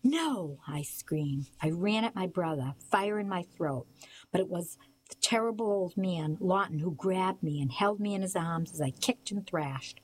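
A woman reading a novel aloud for a radio reading service, in a steady, plain storytelling manner. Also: on the low side, normal speed, slightly rough, rough recording.

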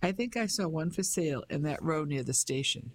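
A man's voice: on the high side, lively intonation, fairly quick. A man reading a blustering middle-aged businessman. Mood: patronizing. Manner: blustering, patronizing. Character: pompous fifty-five-year-old English businessman husband. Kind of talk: audiobook character voice.

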